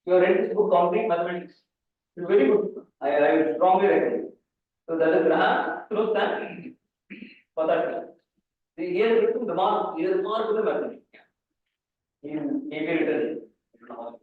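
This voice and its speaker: A high-pitched man lectures on mathematics, wandering through anecdotes and restarting his sentences. He sounds distant from the microphone, with heavy echo in a large hall. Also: moderate pace, pauses often. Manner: rambling, restarts sentences, asides to students. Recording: echoey hall, far mic, phone-like band.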